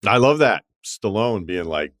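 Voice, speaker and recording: Middle-aged male podcast host, low register, wry rambling delivery, dry studio mic. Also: very animated, measured pace, fairly bright tone, dry recording. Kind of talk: casual chat.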